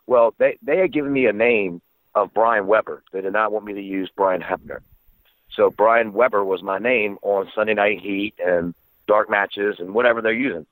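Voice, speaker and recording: A man tells backstage stories in a candid, loose way, dropping fillers and the odd curse as he goes. His voice sits a little low. It comes through a thin, phone-like line that sounds dry and close. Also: dry recording. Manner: candid, swears freely, lots of fillers. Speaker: wrestling referee guest. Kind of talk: casual storytelling interview.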